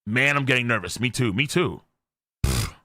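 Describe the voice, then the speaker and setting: Excitable young man, very bright voice. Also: mid-range voice, normal speed, no room sound, studio quality. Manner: excitable, swears a lot, laughs often, reads character lines aloud. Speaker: streamer reacting to manga. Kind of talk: live reaction stream.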